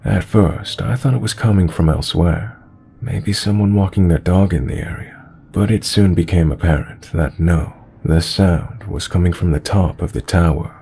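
A man narrating true horror stories in a calm, measured storytelling voice. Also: low voice, gravelly, slightly rough.

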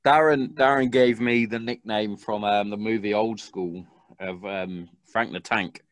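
A man's voice: on the low side, steady tone, measured pace, no echo. A man hosting a podcast in casual, laddish chat, swearing and laughing easily. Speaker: podcast host.

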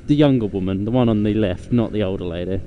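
This vlogger, a man on a scooter outdoors, rambles bluntly with casual swearing at a quick pace and fairly low pitch. The audio sounds narrow and tinny, with loud traffic and engine noise.

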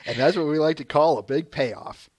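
A man's voice: a little high, moderate pace, darkish tone, no room sound. A man hosting a podcast, reading listener questions to his guest. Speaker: podcast host.

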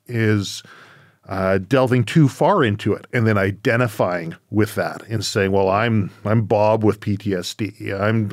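A man hosting a podcast interview, reflecting in a measured way and thinking aloud. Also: lowish voice, no room sound, studio quality. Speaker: podcast host. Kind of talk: conversational interview.

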